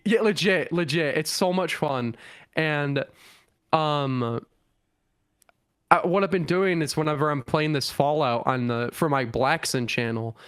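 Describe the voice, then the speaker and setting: A man's voice: on the high side, measured pace, fairly bright tone, smooth, no room sound, clean studio sound. A young man hosting a casual podcast chat, rambling with many restarts and laughing often. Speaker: podcast host.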